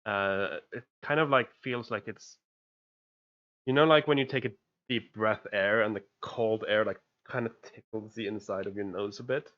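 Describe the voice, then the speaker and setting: A man's voice: fairly low pitch, moderate pace, dry recording, lo-fi sound. A man narrating as game master of a tabletop game, casual and hesitant, with lots of asides.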